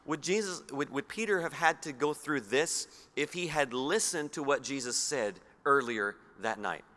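A man from Australia preaching a sermon, reading scripture slowly and low and putting questions to his listeners. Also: bright, forceful tone. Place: church hall. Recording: long hall reverb.

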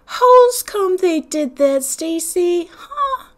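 A woman voicing a small fussy boy who asks questions in a high, drawn-out, whiny voice. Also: very animated, a bit bright, full character voice.

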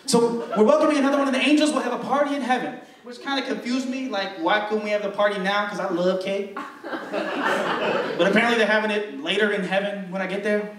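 A young man doing stand-up, telling a story in an animated, crude, self-mocking way on a club stage. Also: high voice, brisk, crowd noise. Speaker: stand-up comedian. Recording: roomy stage sound from a distant mic.

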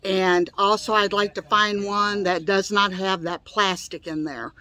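A woman talks casually to her viewers in a friendly, folksy way. She rambles from one thought to the next at a mid pitch. She keeps her tone relaxed and conversational. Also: a little slow. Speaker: vlogger grooming her own dog. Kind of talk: casual chat to camera.

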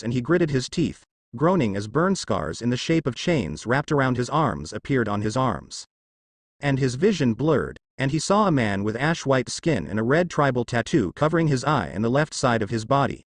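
Lively male storyteller, dry close sound. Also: medium pitch, no room sound. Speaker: narrator. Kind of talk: reading fan fiction aloud.

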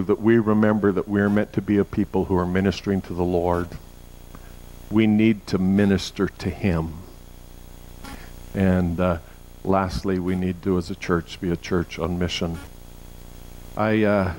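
Male pastor, low voice, sermon delivery that surges into emphatic high-pitched declarations. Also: poor audio. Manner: builds to loud, high emphatic peaks, with frequent uh fillers.

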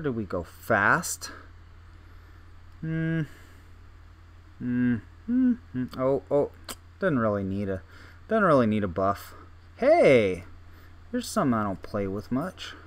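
A man's voice: medium pitch, sing-song, takes it slowly, long pauses. A young man casually thinking aloud while playing a game, self-mocking and full of restarts. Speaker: gaming video host. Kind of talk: casual gameplay commentary.

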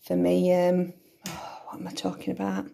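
A woman's voice: fairly low pitch, completely flat delivery, normal speed, vocal fry, dark tone. A woman vlogging casually at home, rambling and thinking aloud as she interrupts herself. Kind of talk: casual chatty vlog. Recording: echoey room.

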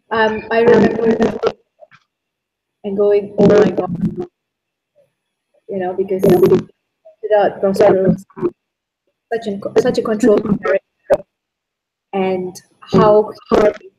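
A woman's voice: medium pitch, slow, pauses often, warm tone, breathy edge. A woman hosting a live video call who talks in a hesitant way with many fillers. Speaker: host. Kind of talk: casual chat. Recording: dull lo-fi video call audio.

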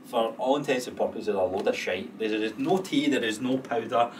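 A man's voice: fairly low pitch, fairly quick, a little mellow. A Scottish man co-hosting a podcast in casual chat. He swears freely and laughs as he talks. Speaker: podcast co-host. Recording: distant mic with clear background noise.

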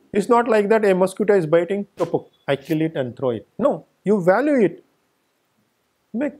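Lively, husky-voiced spiritual teacher. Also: male voice, sits high. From India. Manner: emphatic, repetitive lists. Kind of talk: satsang discourse.

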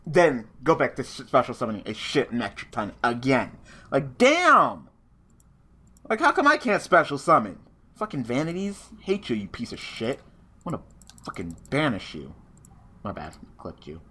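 A man's voice: mid-range voice, moderate pace, husky. A man giving casual live commentary on his online card game match, swearing freely and talking at his opponent. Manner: profane, excitable, talks to his opponent.

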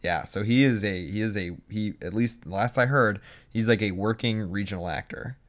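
A young man co-hosting a casual podcast, speaking in a somewhat low voice. He tells stories in quick, animated bursts and slips into little impressions of people. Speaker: podcast co-host. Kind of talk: casual chat.

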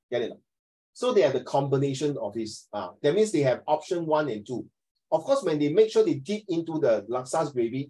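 Lively teacher, animated pitch. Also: male voice, poor audio. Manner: lively, playful, switching between English and Mandarin. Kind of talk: classroom discussion.

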